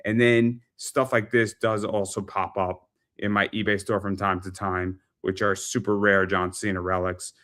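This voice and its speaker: Guy hosting a pop culture chat show, lowish voice, rambly and salesy, says stuff twice. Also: little pitch movement, moderate pace, hardly any pauses, fairly bright tone. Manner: chatty, repeats phrases, salesy plugs. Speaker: podcast host and eBay seller. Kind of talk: casual talk-show chat.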